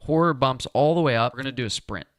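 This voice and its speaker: A man with a mid-range voice talks fast as he plays a board game solo, explaining each move in a chatty, upbeat way. The recording is clean studio sound with no echo.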